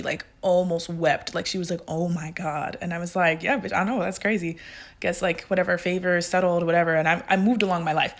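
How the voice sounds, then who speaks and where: Chatty woman telling a storytime. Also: medium pitch. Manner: chatty, animated, laughing asides. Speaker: TikTok storyteller. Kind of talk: casual storytime.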